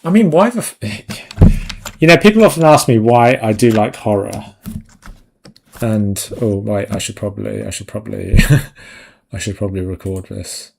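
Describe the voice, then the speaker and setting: Rambling, gravelly man. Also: lowish voice, measured pace, pauses often, a little mellow. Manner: rambling, self-deprecating, trailing off. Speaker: concept artist streamer. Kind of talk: casual live-stream chat while drawing.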